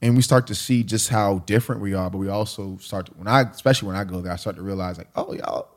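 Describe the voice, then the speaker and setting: Man, from the United States, low-ish voice, casual chat, animated, slangy. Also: quick pace. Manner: animated storyteller, slangy and emphatic.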